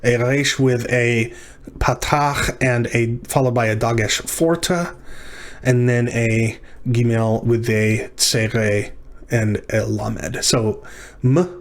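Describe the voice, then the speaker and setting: Slow, deliberate man sounding out syllables. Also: medium pitch, fairly even intonation. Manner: thinking aloud, self-correcting, sounding out syllables. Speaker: language instructor. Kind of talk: recorded lecture practice walkthrough.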